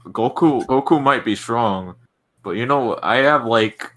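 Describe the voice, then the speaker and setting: A man's voice: mid-range voice, takes it slowly, a bit bright. Rambling teenage guy joking around. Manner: rambling, joking, many fillers. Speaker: podcast co-host. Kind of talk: casual group chat.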